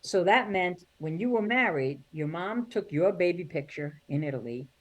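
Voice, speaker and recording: A woman's voice: on the low side, animated, moderate pace. A middle-aged woman, a singer and comedian, telling family stories in an interview, acting out relatives' voices and laughing often. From New York. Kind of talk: animated storytelling interview.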